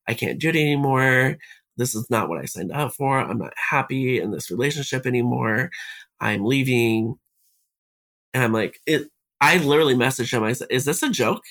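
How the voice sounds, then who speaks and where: A man's voice: mid-range voice, fairly bright tone. A man, a podcast guest, telling a personal story step by step and quoting each exchange.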